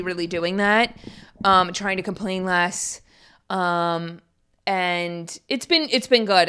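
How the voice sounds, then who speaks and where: A woman's voice: on the low side, fairly bright tone, clear, resonant tone. A young woman hosting her own podcast, talking casually in an upbeat, rambling way with lots of fillers. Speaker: podcast host. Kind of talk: casual solo podcast chat.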